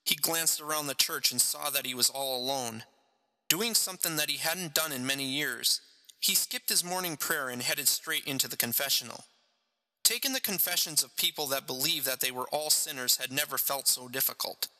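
Bright-voiced man reading his story. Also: medium pitch, moderate pace, rough recording. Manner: jokey, chatty asides. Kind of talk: story narration and casual chat.

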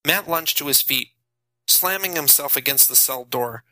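A man narrating a horror audiobook in steady, dramatic storytelling. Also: fairly high pitch, normal speed, no room sound, poor audio. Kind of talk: scripted narration.

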